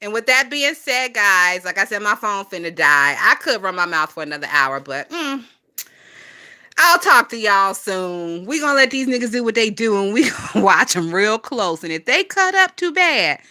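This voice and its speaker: Bright, gossipy Southern woman in her twenties. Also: medium pitch, big pitch swings, normal speed. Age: 20s. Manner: profane, gossipy, laughs often. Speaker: livestream gossip host. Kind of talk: casual livestream chat. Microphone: phone.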